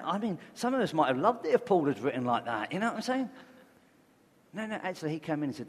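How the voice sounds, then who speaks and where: A man's voice: on the high side, very animated, fairly quick, slightly rough. A man preaching a conversational sermon, often asking his listeners questions. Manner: conversational, asks the congregation questions. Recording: long reverb of a large hall.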